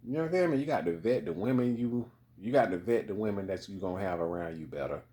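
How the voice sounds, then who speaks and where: A man's voice: on the low side, lively intonation, fast, dark tone. A man giving a rambling, casual commentary monologue, full of profanity and repeated "you know what I mean" asides.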